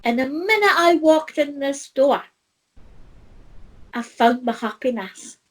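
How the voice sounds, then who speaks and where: A woman's voice: high-pitched, animated, slow pace. A middle-aged Scottish woman, a spiritual medium, telling her own story in a heartfelt, rambling way with many restarts. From Scotland. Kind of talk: personal storytelling.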